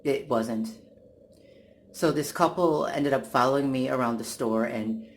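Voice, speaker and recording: Vlogger ranting about their day, keeps restarting sentences, exasperated, mid-pitched voice. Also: slight background noise. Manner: halting, many restarts and repeated words; irritated, exasperated retelling. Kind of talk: casual first-person account.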